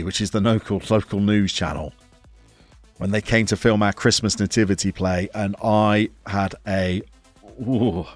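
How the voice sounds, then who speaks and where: A man with a soft Birmingham accent commentates his football management game in a wry, self-mocking way and chats with viewers. His voice sits fairly low and sounds dry and close, with faint music underneath. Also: no room sound. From English Midlands. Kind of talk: casual live-stream commentary.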